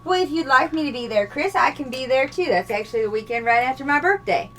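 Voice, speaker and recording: Woman host, casual chatty cosplay stream; bright, cutting tone, faint room noise behind. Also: sits high, animated, fast talker, far from the mic. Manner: chatty, laughs often, trails off mid-sentence. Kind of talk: casual chat.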